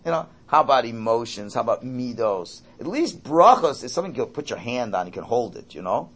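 A man's voice: medium pitch, lively intonation, fairly quick, few pauses, fairly bright tone, slightly rough. A man, a rabbi, teaching an informal Torah class in a rambling, conversational way full of asides and restarts.

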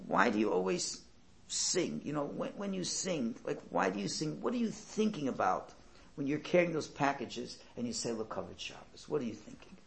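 A man's voice: sing-song, normal speed, vocal fry, a little hiss or hum, heavily acted. A man doing a tender, awed old rebbe. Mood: gentle. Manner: pleading, exclamatory, rising to high emotion.

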